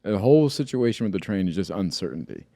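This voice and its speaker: A young podcast co-host speaking in a deep, relaxed voice, working his thoughts out aloud. The sound is dry and close, with no room echo. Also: quick pace, creaky. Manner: reacts with laughs and short interjections, then lays out his guesses thoughtfully. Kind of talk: casual chat.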